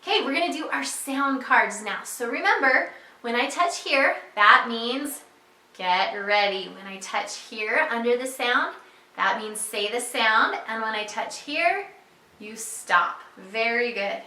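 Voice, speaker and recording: Slow, bright-voiced preschool teacher. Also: female voice, on the high side, lively intonation. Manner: slow, encouraging, sing-song prompting of children. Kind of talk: online preschool reading lesson. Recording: echoey room.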